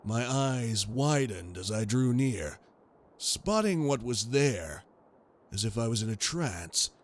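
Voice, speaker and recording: A man's voice: mid-range voice, expressive. A man giving a grave, scripted sci-fi horror narration. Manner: slow, grave storytelling.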